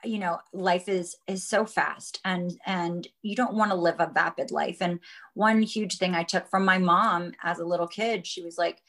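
A woman's voice: on the low side, steady tone, moderate pace, a bit bright. A woman speaking as a guest, earnest and frank, rambling a little as she talks. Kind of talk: casual chat.

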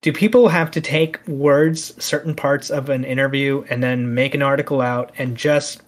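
A man hosting a casual podcast chat, talking in animated, heated rants. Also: medium pitch, normal speed. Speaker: podcast host.

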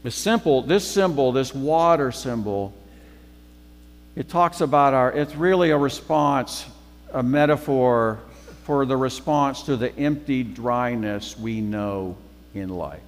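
A man's voice: mid-range voice, takes it slowly, long reverb tail. A man giving a sermon as guest preacher, conversational, repeating phrases for emphasis.

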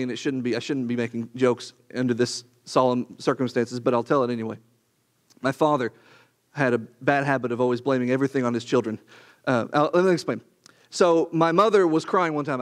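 A man preaching a Bible class in an earnest, conversational way, with rhetorical questions and repetition. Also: a little high. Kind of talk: sermon-style Bible class.

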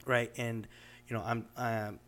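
A man co-hosting a podcast in a loose, casual chat. He rambles, restarts sentences and leans on fillers as he talks an idea through with examples. His pitch sits in an ordinary middle range. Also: flat delivery, measured pace, a bit bright. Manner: explains with examples. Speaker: podcast co-host.

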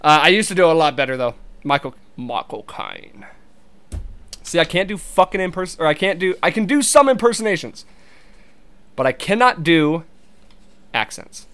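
A young man rambling through a loose, casual monologue, swearing often and breaking off to restart his sentences. His voice sits a little high and sounds smooth and clear. He laughs easily as he talks. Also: lively intonation, brisk, a bit bright.

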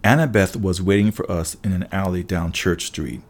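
Man, audiobook narration, low voice, steady brisk storytelling.

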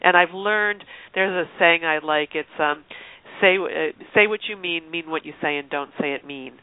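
A woman's voice: on the low side, moderate pace, clean tone, no echo. A woman guest telling personal stories in a candid, chatty way, acting out voices as she quotes people. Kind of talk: candid storytelling chat. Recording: dry tinny phone line.

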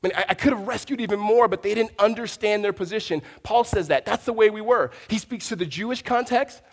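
High-voiced male pastor preaching in a reverberant hall. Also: fast talker. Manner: conversational, with frequent restarts and storytelling asides. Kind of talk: sermon.

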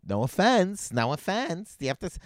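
A man's voice: sits high, no echo, clean studio sound. Profane ranting male podcast host. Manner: profane, animated ranting with sarcastic asides. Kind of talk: solo comedy podcast rant. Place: in Vancouver.

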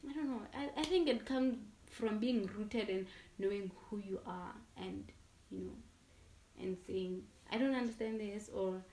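Young woman guest, casual and expressive, mid pitch, roomy distant recording. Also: measured pace, a little hiss or hum. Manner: expressive, laughs often, talks in restarts. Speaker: podcast guest. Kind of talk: casual chat. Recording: echoey room, distant from mic.

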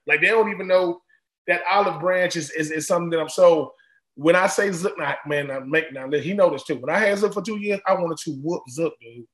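Animated high-voiced man telling stories. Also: fairly quick, reverberant. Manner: animated, repeats and restarts phrases. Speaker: former college football player, guest. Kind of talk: casual storytelling.

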